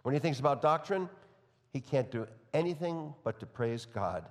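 A man preaching an expository sermon with a slight New York accent that surfaces when he gets excited and talks fast. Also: mid-range voice, long reverb tail. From New York area. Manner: enthusiastic, speeds up when excited, reads scripture aloud. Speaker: pastor.

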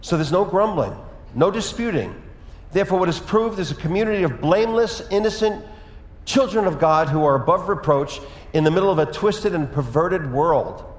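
A man's voice: high voice, normal speed. Conversational male pastor, echoey sanctuary. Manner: conversational storytelling, animated asides. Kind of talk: sermon. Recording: echoey hall with long reverb.

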